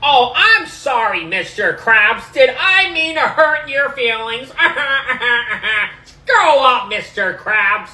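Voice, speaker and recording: A woman's voice: on the high side, expressive, slow, bright, forceful tone, heavily acted. A woman voicing a defiant, mouthy young male troublemaker who taunts and sasses. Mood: taunting. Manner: taunting, sassy. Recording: echoey room, faint crowd behind.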